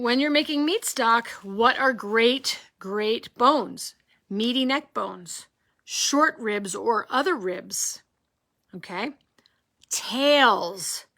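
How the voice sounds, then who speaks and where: A woman teaching a live cooking class online in a bright voice pitched a little high. She talks in an animated way and asks her listeners rhetorical questions. She checks in with them often and cracks jokes along the way.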